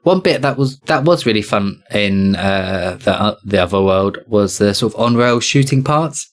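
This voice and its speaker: A man's voice: fairly low pitch, animated, normal speed. A man co-hosting a podcast, talking through a video game in a thoughtful, analytical way with many fillers. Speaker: podcast co-host. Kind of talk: casual game review chat.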